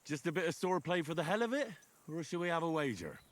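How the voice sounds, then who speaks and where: A man's voice: a little high, very animated, fast. An actor playing a wry young commoner swordsman in a video game, with dry replies.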